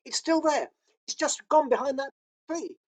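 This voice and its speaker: A man reading an audiobook, voicing a steady, decisive older boy. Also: very high-pitched, normal speed, voice pushed up. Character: eldest brother Peter, steady and decisive. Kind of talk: audiobook character voice.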